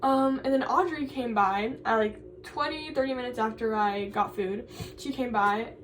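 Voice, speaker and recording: A woman's voice: on the high side, moderate pace, far from the mic, a little hiss or hum. A young woman, a college student, chatting casually in a vlog and rambling through a story with lots of "like.". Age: young adult.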